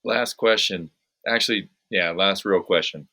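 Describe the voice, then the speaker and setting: A podcast host with a very low voice keeps the conversation casual. He mostly drops in short, encouraging comments, then asks his questions in a relaxed way. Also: a little slow. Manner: brief supportive interjections, relaxed questions. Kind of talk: casual interview chat.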